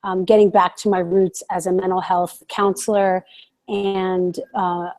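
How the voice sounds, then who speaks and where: A woman's voice: fairly low pitch, flat delivery, measured pace, a little mellow. A woman from the United States, a mental health counselor, speaking as a podcast guest in an enthusiastic, reflective way. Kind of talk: casual podcast conversation.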